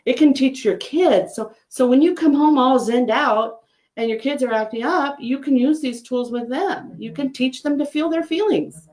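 A middle-aged woman, a psychic medium, chatting casually and telling a story in an animated, lively way. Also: normal speed. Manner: chatty storyteller, animated with pitch jumps on quoted lines. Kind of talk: casual chat.

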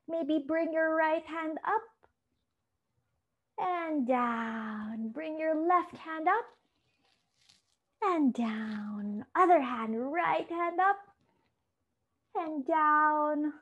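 A woman's voice: sits high, animated, very slow, pauses often, fairly bright tone, muffled recording. A woman from the Philippines leading a children's yoga class, giving encouraging, sing-song instructions and asking questions. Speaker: kids' yoga teacher.

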